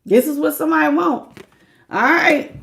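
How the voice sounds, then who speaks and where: A woman's voice: sits high, moderate pace, vocal fry, a bit bright. A woman giving a live tarot reading, talking casually to her viewers, laughing often and calling them baby. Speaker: tarot reader.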